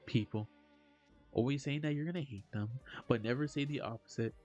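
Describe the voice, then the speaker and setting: A man streaming casually, reading chat aloud and answering in an animated, joking way. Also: medium pitch, a little fast, highs cut off, faint music behind.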